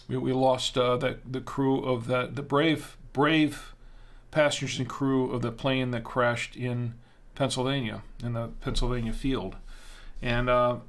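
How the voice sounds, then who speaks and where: A man's voice: mid-range voice, a bit bright. A man hosting a casual wine-tasting livestream, rambling with fillers and restarts as he reads out viewer chat.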